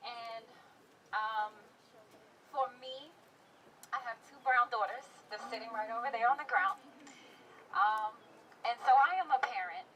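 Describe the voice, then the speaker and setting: A woman's voice: fairly high pitch, measured pace, long pauses, a bit bright. A woman in her thirties, a parent, speaking and performing spoken-word poetry at an outdoor rally, her emotion building until she nearly cries. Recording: distant outdoor mic with noise.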